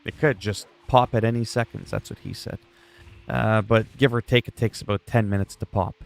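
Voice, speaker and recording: A man's voice: lowish voice, steady tone, moderate pace, vocal fry. A man from Canada chatting casually with viewers while he plays a video game, rambling and greeting them by name. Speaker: livestreamer. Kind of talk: casual gameplay chat.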